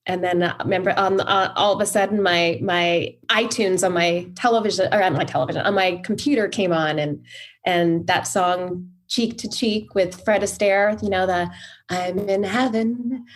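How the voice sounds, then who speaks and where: A woman's voice: fairly low pitch, steady tone, normal speed. A woman hosting a podcast, reacting with effusive emotion and sharing her own stories. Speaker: podcast host. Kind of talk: conversational interview.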